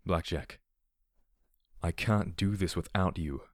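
A man softly playing a frightened, clever young stallion pony in a wasteland storybook, gentle and quiet. The voice sits very low, and the reading is dry and close. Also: moderate pace, no echo, natural voice. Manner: soft-spoken and gentle. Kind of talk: audiobook reading.

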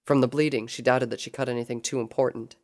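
A narrator reading a fan fiction story aloud in steady, even storytelling. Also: mid-range voice, fast talker.

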